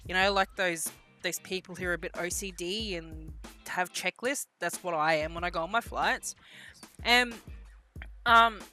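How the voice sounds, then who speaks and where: A woman's voice: lowish voice, a little slow, soft background music. A woman telling a story in a casual vlog, swearing freely and acting out what people said. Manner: lively storyteller, acts out quotes. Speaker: vlogger.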